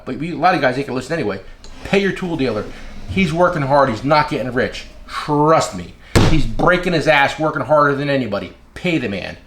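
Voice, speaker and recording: A man's voice: on the high side, a bit bright, a little hiss or hum. A man who is an independent tool dealer, giving blunt casual advice, repeating his key phrases.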